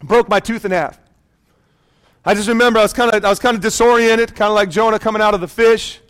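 Man, pastor, sermon, high-pitched voice, animated storytelling, calls out to congregation. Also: fast.

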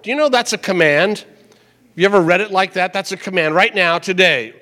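An older man pastor preaching a sermon in a church, conversational and chatty, slowing down to repeat scripture verses. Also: high-pitched, bright, forceful tone. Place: church sanctuary. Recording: long hall reverb.

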